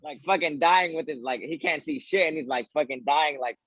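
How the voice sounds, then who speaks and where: Man, podcast co-host, husky voice, dry sound, rambling filler-laden chat. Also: on the high side, fairly quick, fairly bright tone, no echo. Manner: rambling, heavy on filler "like", laughs through his stories. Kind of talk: casual chat.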